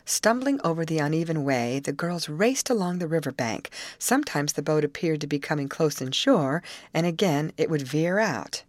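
A woman narrates a storybook chapter in a lowish voice that moves up and down with plenty of expression. The recording is close and dry, with no room sound. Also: expressive, normal speed, few pauses, dry recording. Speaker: audiobook reader. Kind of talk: scripted narration.

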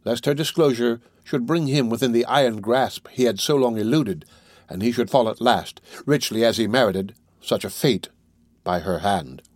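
A man narrating a classic novel in a measured, steady reading. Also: mid-range voice, dry recording, studio quality. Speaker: audiobook narrator.

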